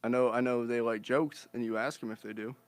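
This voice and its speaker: A man co-hosting a casual podcast who teases in a low-key, dry way. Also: fairly even intonation, fairly quick, clear, resonant tone, no room sound. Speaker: podcast co-host.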